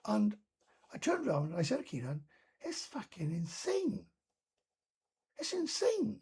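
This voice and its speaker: A man's voice: high-pitched, huge pitch swings, a little slow, creaky, a little mellow, husky. A Welsh man from Wales doing a casual live stream chat, rambling and ranting with heavy swearing.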